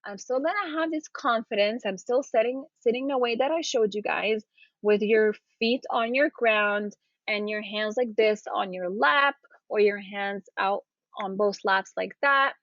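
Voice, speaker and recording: A woman's voice: medium pitch, unhurried, a bit bright, dry recording, dull audio. A woman coaching viewers on interview manners, often checking in with "okay?" and "right?" as she demonstrates. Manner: encouraging, repeats "okay?" and "right?". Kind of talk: demonstrating to camera.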